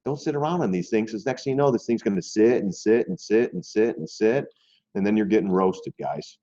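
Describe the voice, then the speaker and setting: A man's voice: lowish voice, moderate pace, dark tone. A man hosting a stock trading live stream in a loose, rambling way, talking straight to his viewers and often repeating words. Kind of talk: casual live stream commentary. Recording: dull lo-fi stream audio.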